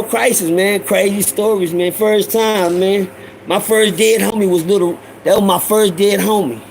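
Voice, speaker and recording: A middle-aged man spins street stories straight to his listeners in a high, gravelly voice. He talks loose and profane, and a faint ambient hiss sits under his voice. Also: rough recording. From Houston, Texas. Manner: animated, profane street slang, addresses listeners as y'all. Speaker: storyteller host. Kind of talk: casual storytelling monologue.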